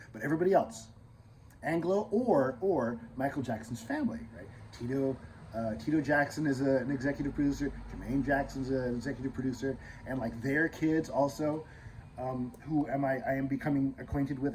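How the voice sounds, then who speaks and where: This host's mid-range voice comes through a rough recording with a little hiss or hum. His monologue on his own channel is casual and meandering, full of fillers and restarts, and moves between loud talk and muttered asides.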